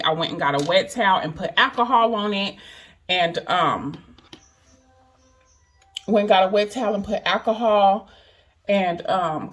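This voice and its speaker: Woman vlogger, casual storytelling, chatty and emphatic, mid-range voice. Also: mid-range voice. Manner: chatty, keeps asking "you know what I mean"; earnest, emphatic retelling.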